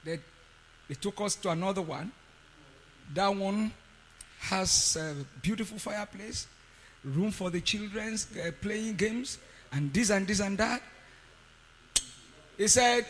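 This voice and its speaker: A man preaching a sermon, telling a story with sudden shouts and quiet asides. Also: high-pitched, measured pace, pauses often, long reverb tail, slight background noise, low-quality recording. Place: conference hall.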